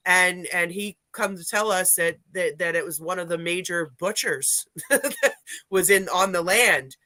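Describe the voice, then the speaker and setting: A speaker with a bright, forceful voice tells a meandering story in casual live-stream chat, stopping to correct themself and then picking up energy when recounting what people said. The sound is close and dry, with no room around it. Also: mid-range voice, a little slow, no room sound. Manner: rambling, self-correcting storyteller. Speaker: paranormal investigator.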